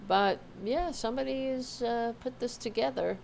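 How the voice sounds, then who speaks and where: A woman's voice: on the high side, normal speed, vocal fry, darkish tone, a little hiss or hum. A woman hosting a live-streamed political commentary show from home, sarcastic and rambling, with asides to her dog. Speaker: host of a political livestream.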